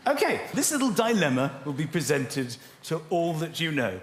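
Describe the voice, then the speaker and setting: A man hosting a comedy show in front of a live audience, playful and excitable. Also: a little high, normal speed, hardly any pauses. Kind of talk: live stand-up banter with audience. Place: TV studio before a live audience. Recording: echoey studio with loud crowd laughter. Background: audience laughter and applause.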